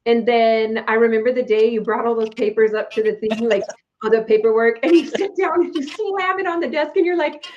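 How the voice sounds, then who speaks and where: A woman's voice: a little high, fairly even intonation, brisk, darkish tone. A woman hosting an interview, encouraging her guest and retelling past moments with animation. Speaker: host. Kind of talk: conversational interview. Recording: slightly dull recording with faint noise.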